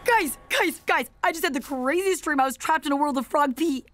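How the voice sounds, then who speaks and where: Energetic teen girl, high lively voice, cartoon, music behind. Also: fairly quick. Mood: excited. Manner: energetic, dramatic, sarcastic. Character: excitable teenage girl trapped in a frog world. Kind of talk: cartoon voice acting.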